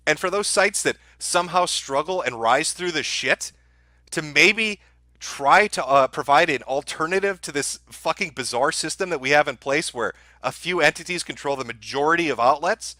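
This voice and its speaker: A man's voice: a little high, lively intonation, normal speed, pushed and bright, no echo. Profane, ranting male livestreamer. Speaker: livestream host. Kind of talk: heated livestream rant.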